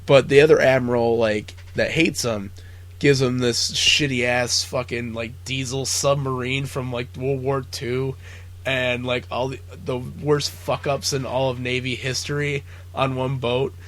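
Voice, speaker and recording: A man's voice: mid-range voice, level tone, unhurried, a bit bright. A man co-hosting a podcast, chatting casually in a rambling, profane way with many fillers. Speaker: podcast co-host. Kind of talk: casual chat.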